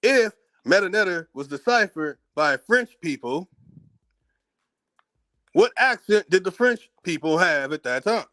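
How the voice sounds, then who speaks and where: A man's voice: high voice, animated, measured pace, pushed and bright. A man giving blunt, heated spoken commentary, firing off one rhetorical question after another and repeating them for emphasis. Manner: informal, blunt, with profanity. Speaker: speaker giving a monologue.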